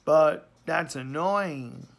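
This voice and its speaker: A sleepy, yawning man giving a casual spoken announcement to his channel, halting with fillers and trailing off quietly. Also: on the high side, creaky. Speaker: channel host.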